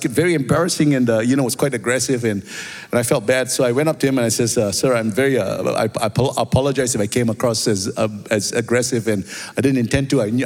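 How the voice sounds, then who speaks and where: A pastor with a Singaporean accent, preaching a sermon and telling stories, often asking "amen?" and "right?". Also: male voice, mid-range voice. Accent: Singaporean English. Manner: storytelling, animated, repeats phrases, asks "amen?" and "right?". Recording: long reverb of a large hall.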